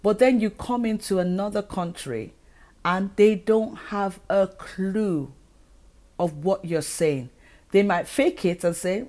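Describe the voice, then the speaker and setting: Her pitch is medium, her pace measured and her tone warm. This middle-aged woman from Africa runs an advice vlog, teaching viewers and speaking sincerely to the camera with many rhetorical questions.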